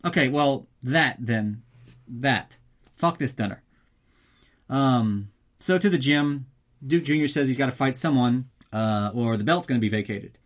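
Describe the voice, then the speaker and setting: Male comedy podcast host, sarcastic, profane, casual, average pitch. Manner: sarcastic, profane, does quick mock voices for characters; reads a mock ad in an upbeat announcer tone. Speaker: podcast host recapping a film.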